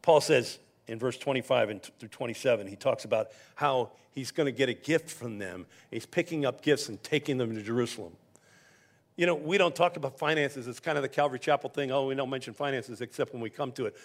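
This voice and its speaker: A male pastor with a medium-pitched voice talks a bit on the fast side. His sermon explains scripture conversationally, mixing in stories from his own life and a few faltering restarts.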